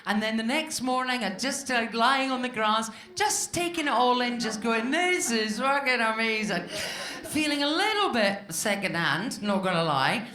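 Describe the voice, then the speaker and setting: Stand-up comic, woman in her fifties, salty and animated, live club with a roomy sound. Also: fairly high pitch, moderate pace. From Scotland. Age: 50s. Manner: swears freely, acts out quoted voices. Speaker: stand-up comedian. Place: comedy club stage with live audience.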